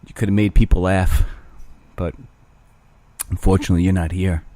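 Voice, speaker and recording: Low-voiced man rambling crudely on his show. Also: steady tone, normal speed, warm tone, no room sound. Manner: crude, rambling, self-mocking humor. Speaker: podcast host. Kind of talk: casual solo rambling.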